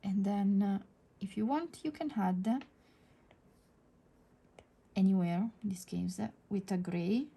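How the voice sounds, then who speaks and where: A woman with an Italian accent talking through a drawing tutorial, soft-spoken and hesitant with many fillers, sometimes dropping to a near whisper as she works. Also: mid-range voice, unhurried, vocal fry, pauses often, slightly rough. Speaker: digital art tutor.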